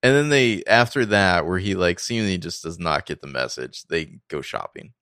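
A man's voice: sits low, animated, moderate pace, fairly bright tone, smooth, no room sound, clean studio sound. A man co-hosting a podcast, dismissing a film's problems in a wry, casual way. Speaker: podcast co-host. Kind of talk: casual movie review chat.

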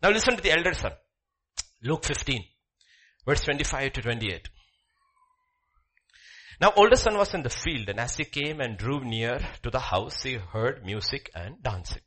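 Animated preacher, bright voice. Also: male voice, mid-range voice, moderate pace, long pauses, slightly rough. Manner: animated preaching, swings from soft to loud. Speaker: pastor. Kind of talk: sermon.

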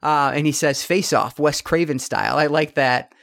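A man in casual podcast chat with a somewhat high-pitched voice. He rambles through his points and fills the gaps with ums and restarts. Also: steady tone, normal speed, vocal fry, a bit bright, clean tone. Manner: rambling, many fillers and restarts. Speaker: podcast co-host. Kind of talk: casual film review chat.

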